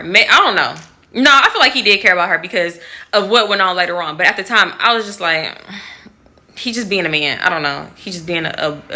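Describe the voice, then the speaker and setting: A woman with a Texas accent telling a casual storytime, animated, profane and dramatic. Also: medium pitch. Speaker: vlogger.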